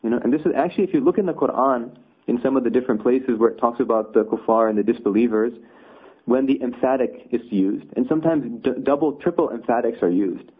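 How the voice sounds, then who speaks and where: A man's voice: medium pitch, quick pace, breathy edge. A man teaching a conversational religious lesson, explaining with rhetorical asides. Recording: tinny phone-like audio.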